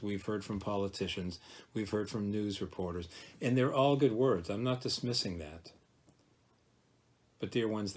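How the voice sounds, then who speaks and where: A man with a low voice gives a devotional talk as a pastor. He speaks gently and reflectively, slowing down to dwell on each word of a scripture verse.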